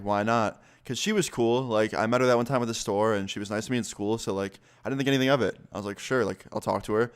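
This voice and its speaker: Animated young man telling a story. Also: fairly low pitch. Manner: animated, casual, swears freely. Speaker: YouTuber. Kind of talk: casual story-time vlog.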